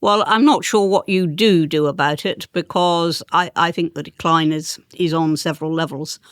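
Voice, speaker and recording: A woman's voice: deep voice, fairly even intonation, normal speed, no room sound, studio quality. An older woman with a received pronunciation accent and rolled R's, speaking as an interview guest in a precise, emphatic way. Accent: English received pronunciation with rolled R's. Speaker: interview guest, former politician. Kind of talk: conversational interview.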